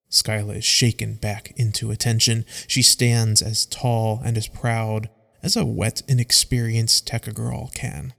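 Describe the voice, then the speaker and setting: A man narrating a scripted fantasy story, reading scene directions in a measured way. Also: medium pitch, vocal fry, big-room sound.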